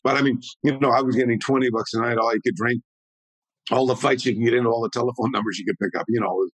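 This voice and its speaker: A man in his sixties, a martial arts historian telling stories as an interview guest in an animated, rambling way. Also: medium pitch, fast, breathy edge, no echo, poor audio. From Canada. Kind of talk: conversational storytelling.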